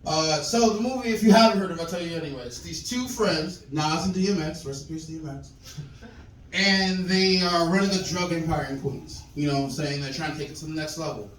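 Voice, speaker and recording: A man performing a stand-up comedy set in a club, animated and acting out other people's voices. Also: fairly high pitch, brisk, reverberant, far from the mic, a little hiss or hum, poor audio. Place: comedy club with live audience.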